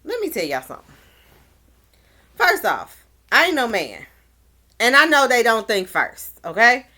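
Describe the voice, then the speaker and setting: A woman's voice: a little high, huge pitch swings, a little slow, bright, forceful tone. A woman recapping a dating show in a casual vlog, blunt and exclaiming, with slangy asides. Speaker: show reviewer.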